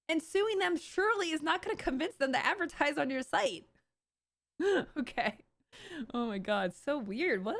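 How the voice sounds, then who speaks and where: A woman with a high, bright-pitched voice reacting live on stream. She rants sarcastically, piling up fillers and restarts as she riffs on what she's watching. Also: expressive, moderate pace. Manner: sarcastic, ranting, full of fillers. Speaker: streamer host.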